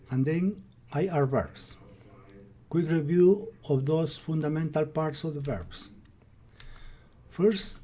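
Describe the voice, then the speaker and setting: A man with an Ecuadorian Spanish accent teaching a grammar lesson, reading out verb lists in a slow, deliberate manner. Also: fairly high pitch, warm tone. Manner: slow, deliberate, drills word lists aloud.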